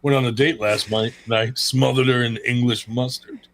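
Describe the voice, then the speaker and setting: A man's voice: medium pitch, fairly even intonation, normal speed, a bit bright. An American man co-hosting a casual podcast, joking crudely and laughing often. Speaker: co-host.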